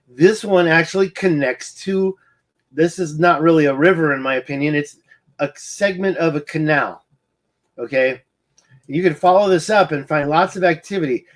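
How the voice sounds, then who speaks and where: A man rambling through a screen-share of satellite maps, muttering, restarting his sentences and getting sidetracked by hiccups. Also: fairly high pitch. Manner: distracted, muttering, self-correcting. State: hiccuping, eye twitching. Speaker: independent researcher presenting maps.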